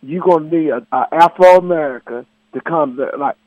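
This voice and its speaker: A man's voice: fairly high pitch, normal speed, darkish tone, no echo, lo-fi sound. A man calling in to a sports radio show over the phone, earnest and emphatic. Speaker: radio caller. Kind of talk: call-in radio chat. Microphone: phone line.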